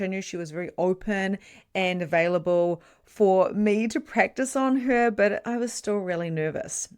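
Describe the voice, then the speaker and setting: A woman who works as a spiritual medium, telling a personal story to camera in a chatty, expressive way with playful asides. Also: medium pitch.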